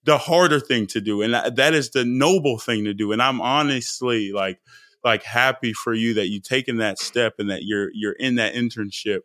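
A man's voice: mid-range voice, normal speed, fairly bright tone, no room sound. A man hosting a casual interview podcast, encouraging his guest and repeating words for emphasis. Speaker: podcast host.

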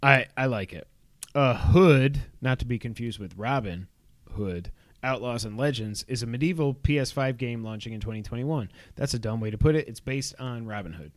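A co-host on a casual podcast rapidly runs through gaming news headlines, slipping in quick, wry asides between items. His mid-range voice is recorded close and dry, with no room sound.

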